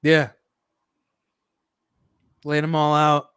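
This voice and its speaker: A man's voice: fairly high pitch, monotone, extremely slow, smooth, dry recording. Jokey self-deprecating man chatting. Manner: self-deprecating, jokey, drifts quieter at line ends. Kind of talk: casual chat.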